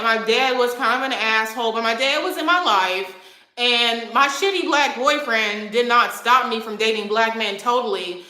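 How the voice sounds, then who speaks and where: A woman's voice: fairly high pitch, pushed and bright. A woman in her twenties, a vlogger, ranting brashly and profanely at critics while answering viewer comments. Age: 20s. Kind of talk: heated livestream rant. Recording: echoey room.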